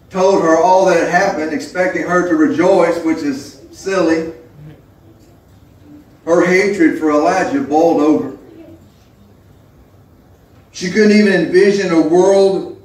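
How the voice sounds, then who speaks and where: A man's voice: fairly high pitch, darkish tone. A man preaching a sermon as pastor, reading scripture and then talking it through conversationally. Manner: reads scripture then preaches conversationally, acts out quoted voices. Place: church sanctuary. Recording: very echoey church hall, mic far off.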